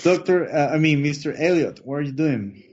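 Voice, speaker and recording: A man running a tabletop horror game as game master, narrating slowly with many fillers and pauses. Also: a little high, a crowd in the background. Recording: dull lo-fi online voice chat.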